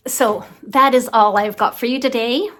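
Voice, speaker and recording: A woman hosting her own book review channel, talking in an unhurried, thoughtful, conversational way. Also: on the high side, steady tone, fairly bright tone. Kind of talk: casual book review vlog.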